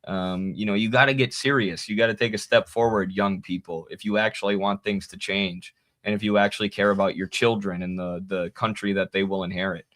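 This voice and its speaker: A man co-hosting a political podcast, talking casually and telling animated stories with laughs. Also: on the low side, fairly quick. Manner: animated storytelling, mimics others with laughs. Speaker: podcast co-host.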